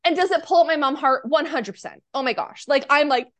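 A woman chatting as a podcast guest, animated and quick to act out the things people said. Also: high voice, no room sound. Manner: animated, acts out quoted dialogue. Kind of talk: casual podcast conversation.

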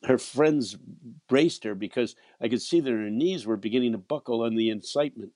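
A man's voice: mid-range voice, moderate pace, warm tone, no echo. A man in his eighties, a preacher telling a personal story, often repeating his words and chuckling as he goes. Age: 80s. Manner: stammering repeats, chuckling as he tells. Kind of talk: storytelling anecdote.

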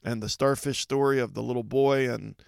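A middle-aged man with a gravelly, creaky edge to his voice gives an earnest motivational podcast talk. He speaks slowly and reflectively, pausing often. The sound is close and dry, with no room around it. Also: medium pitch, fairly even intonation, a little mellow, no echo. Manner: earnest, reflective, measured delivery with deliberate pauses. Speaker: podcast host.

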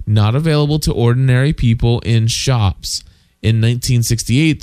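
A man's voice: medium pitch, warm tone, no echo, studio quality. A man co-hosting a casual podcast, reading listener feedback aloud with many fillers and side comments. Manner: reads listener mail aloud with frequent fillers and asides.

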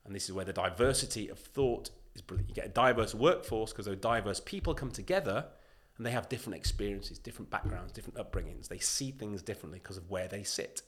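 A man's voice: on the low side, fast talker, few pauses. Emphatic man in a podcast chat. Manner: emphatic and animated, acts out what people say. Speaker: podcast guest, leadership consultant. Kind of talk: conversational podcast interview.

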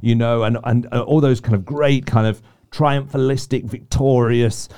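A man's voice: mid-range voice, steady tone, moderate pace, warm tone, clean tone. A man co-hosting a casual faith discussion, reflective and often restarting his sentences. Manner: reflective, self-interrupting. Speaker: podcast co-host.

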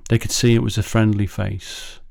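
A man with a somewhat low voice tells a personal story as a podcast host. He speaks reflectively and thoughtfully, now and then stumbling and restarting a phrase before going on. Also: flat delivery, normal speed, creaky, darkish tone.

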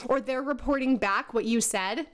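A woman's voice: fairly high pitch, moderate pace. Chatty woman explaining with hiccups. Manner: conversational, many fillers and "right?" tags. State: has the hiccups. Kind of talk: casual talk to camera.

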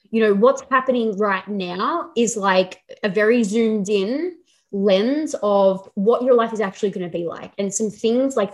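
Sweary, candid woman podcast host. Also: mid-range voice. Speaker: podcast host, fitness coach. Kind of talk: casual podcast chat.

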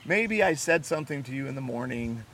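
A man's voice: medium pitch, fairly quick, a little hiss or hum. A man co-hosting a casual chat about marriage, acting out quoted lines as he explains. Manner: acts out quoted lines in lively voices. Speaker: co-host of a marriage advice show.

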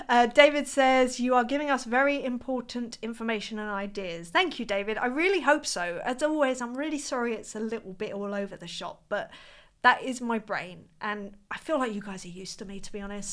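Chatty woman on a live stream, rambly and giggly, voice sits a bit high. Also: a bit bright. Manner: chatty, rambling, laughs often. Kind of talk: casual live stream chat, reading comments.

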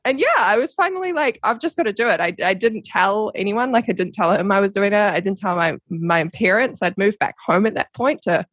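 A young woman with a New Zealand accent tells her story as a podcast guest. She talks animatedly, laughs often and acts out what others said. Her voice sits in the middle of the pitch range, and the sound is dry and close. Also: expressive, fairly quick, hardly any pauses, a bit bright, no room sound. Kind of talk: casual storytelling interview.

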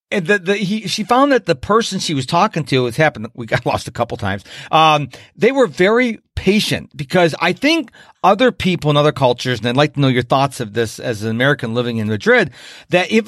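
A man's voice: fairly high pitch, a bit bright, no room sound, studio quality. A man hosting an interview, asking long conversational questions while thinking aloud. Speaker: podcast host.

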